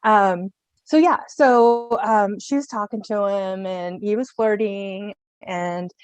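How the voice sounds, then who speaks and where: A woman's voice: medium pitch, slow pace, smooth, no echo. A woman on a panel retelling a myth in a casual, jokey, slangy way, slipping into voices. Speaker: mythology panelist. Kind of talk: casual storytelling.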